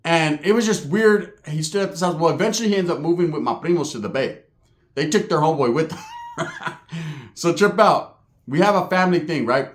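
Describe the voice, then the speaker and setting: A man's voice: on the high side, lively intonation, brisk, echoey room. A man from Southern California telling a long, profane, rambling story on stage, often tagging his lines with "right?". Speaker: stand-up comedian. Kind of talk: stand-up storytelling.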